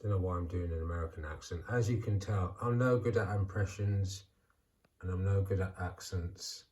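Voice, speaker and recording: A middle-aged man calmly narrating a vlog as he poses action figures, talking half to himself. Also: deep voice. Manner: calm, unhurried, talking to himself. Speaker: toy figure channel host. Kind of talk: casual vlog narration while posing figures.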